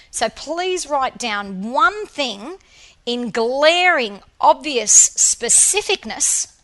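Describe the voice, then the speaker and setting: Woman motivational speaker, high-pitched, emphatic and lively in delivery. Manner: lively storytelling, emphatic repetition. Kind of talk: motivational presentation.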